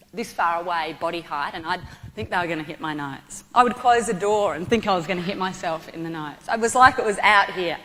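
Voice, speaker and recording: A woman with an Australian accent telling a personal story to an audience, animated and vivid. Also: on the low side. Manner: lively, animated storytelling with acted-out quotes. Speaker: motivational speaker. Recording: long hall reverb.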